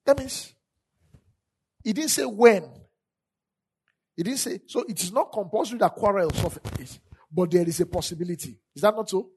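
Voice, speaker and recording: A woman's voice: medium pitch, expressive, normal speed, pauses often, darkish tone, slight background noise. A woman preaching a sermon, leading call-and-response and repeating scripture lines for the congregation to echo.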